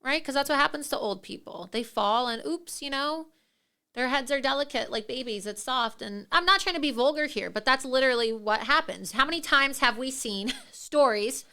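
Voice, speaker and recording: A woman's voice: high voice, moderate pace, bright, forceful tone, smooth. A woman hosting a political talk show, ranting with indignation and laughing mid-sentence. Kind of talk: opinionated political commentary.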